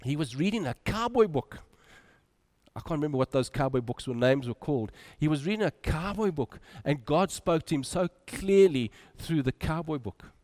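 A man preaching a sermon, moving between loud urging and quiet, soft drops. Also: on the high side, lively intonation, normal speed.

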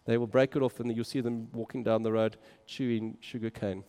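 A man's voice: mid-range voice, level tone, brisk, mellow. Enthusiastic man in a reverberant hall. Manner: enthusiastic, exclaiming. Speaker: minister on a mission trip. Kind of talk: casual narration of travel photos.

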